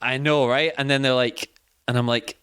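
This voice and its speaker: A man's voice: medium pitch, fairly even intonation, normal speed, fairly bright tone, clear, resonant tone. A man hosting a podcast in casual chat, rambling into tangents and laughing often. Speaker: podcast host.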